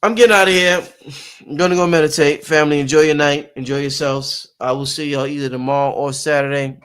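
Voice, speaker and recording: Man riffing to his viewers, fairly high voice, loose and rhythmic, goes from loud bursts to quiet thinking. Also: fairly quick, smooth. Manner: animated, sings and shouts snippets, trails off into low musing. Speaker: show host and producer. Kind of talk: casual monologue to viewers.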